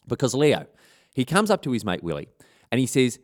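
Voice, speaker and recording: A man's voice: mid-range voice, huge pitch swings, a little fast. A man with an Australian accent telling a history story in a comic, irreverent way, full of slang and rambling asides.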